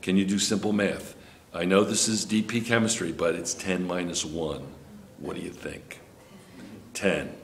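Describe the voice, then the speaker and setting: A man's voice: deep voice, steady tone, measured pace. A man teaching a chemistry class, lecturing and teasing his students with jokes. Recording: echoey classroom with faint background noise.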